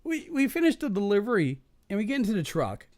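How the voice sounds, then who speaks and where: A man's voice: high-pitched, wildly swooping pitch, fast talker, a little mellow, no room sound. A man in a casual podcast chat, telling profane, rambling stories from his jobs with frequent restarts and laughing at his own punchlines.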